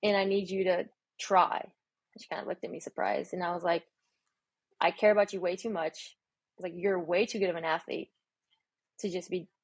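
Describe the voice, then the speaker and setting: Woman coach, podcast guest, lowish voice, dry close mic, animated storyteller. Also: creaky, husky, no room sound. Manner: animated, acts out her own quoted dialogue. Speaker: strength and conditioning coach, guest.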